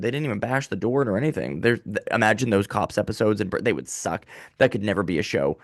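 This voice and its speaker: A man in an office doing a casual comedy monologue, swearing and ranting in an animated way. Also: on the low side, fast talker, no echo, studio quality. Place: small rented office.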